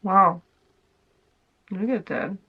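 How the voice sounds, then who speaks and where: A woman's voice: mid-range voice, drawn-out words, slightly rough. A woman giving a casual tarot reading, chatty and laughing often as she acts out people's reactions. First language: Danish. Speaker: tarot reader. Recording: slightly dull lo-fi sound.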